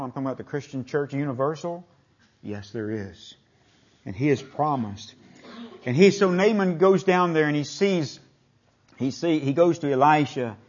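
An older man preaching a sermon in a folksy way, retelling scripture in plain speech and swinging from booming declarations to near-whispers. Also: a little mellow, muffled recording.

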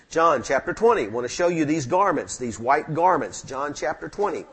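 A man pastor preaching a sermon in a church, fervent, swinging between loud peaks and quiet asides. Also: fairly high pitch, lively intonation, moderate pace, hardly any pauses, slightly rough. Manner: fervent preaching that rises and drops sharply. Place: church sanctuary with amplified mic.

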